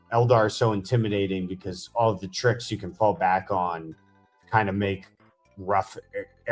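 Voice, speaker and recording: A man's voice: low voice, darkish tone. A man hosting a casual miniature-painting chat, rambling enthusiastically as he tells stories. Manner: chatty, rambling, enthusiastic storyteller.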